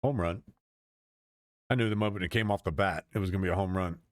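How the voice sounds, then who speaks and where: A man's voice: low-pitched, fast, no echo, clean studio sound. A man streaming, giving casual chatty reaction commentary and laughing often.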